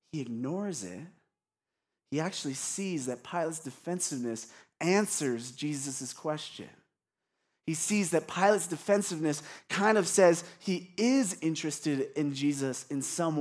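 Casual, conversational preacher. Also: medium pitch. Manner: casual, conversational, asks the congregation questions. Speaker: pastor. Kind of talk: sermon.

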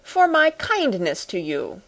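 A woman's voice: mid-range voice, wildly swooping pitch, slow pace, exaggerated voice. A woman reading the part of a stern, domineering schoolmistress in a storybook, with a cold, commanding, scolding manner. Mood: indignant.

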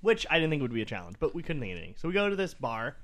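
Animated rambling man from Iowa. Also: medium pitch, racing. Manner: rambling, animated, many fillers. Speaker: podcast co-host. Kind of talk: casual storytelling chat.

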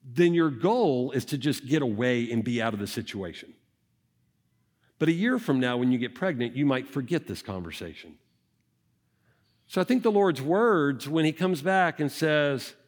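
A man's voice: mid-range voice, animated, normal speed. A male pastor preaching a sermon in a conversational way, speaking directly to the congregation and often checking in with "right?". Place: church service.

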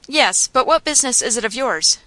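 A woman voicing a proud, uneasy young gentleman who speaks in a haughty, curt way. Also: a little high, animated, brisk, dry recording.

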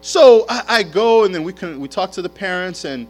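A man preaching a sermon as a pastor, telling stories in an animated way with casual slang. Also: high-pitched, normal speed, soft background music.

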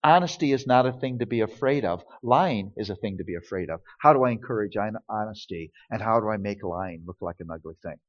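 A man's voice: fairly low pitch, lively intonation, brisk, hardly any pauses. A man speaking as a pastor, telling a family story in earnest sermon style and acting out the quoted dialogue. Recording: dull lo-fi recording.

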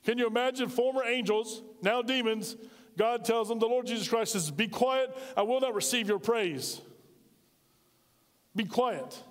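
A man delivers an emphatic sermon, pressing his listeners with one rhetorical question after another. His voice sits high for a man. It rings out with the long reverb of a church hall. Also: normal speed. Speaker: pastor.

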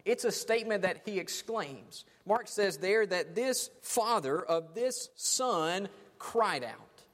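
A man's voice: sits high, animated, slow. A man preaching a sermon, dramatic, letting his phrases fade off almost to silence. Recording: long hall reverb.

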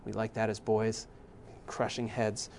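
A father giving a church talk to parents, animated and full of restarts. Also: fairly low pitch, a little slow, vocal fry, a little hiss or hum.

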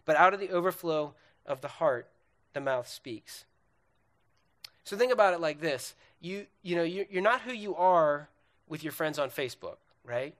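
Guy preaching in church, fairly high voice, super animated, keeps going "and, and" and restarting sentences. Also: moderate pace. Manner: animated, repetitive, stumbling restarts. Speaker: pastor. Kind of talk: sermon with a puppet illustration.

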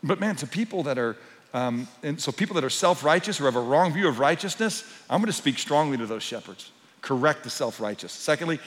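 Man, pastor, preaching a sermon, fairly high voice, soft-to-loud swings, long hall reverb.

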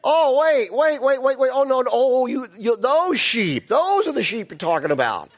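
A man's voice: very high-pitched, very animated, moderate pace, pitched above the performer's own voice, exaggerated voice. A man putting on a slick, boastful king. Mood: evasive. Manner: sing-song, breezy, dismissive. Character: slick boastful male king, smug and evasive.

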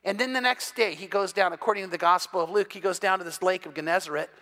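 Talking quickly in a high voice, a pastor gives an evening sermon that recounts scripture as vivid story. His delivery swells from soft to loud, hitting the important points with emphasis.

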